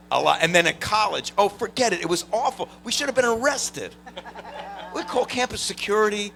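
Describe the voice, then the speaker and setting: A man on a convention panel, telling animated stories full of fillers and laughs. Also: high voice, normal speed, vocal fry. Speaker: voice actor panel guest. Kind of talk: storytelling on a live convention panel.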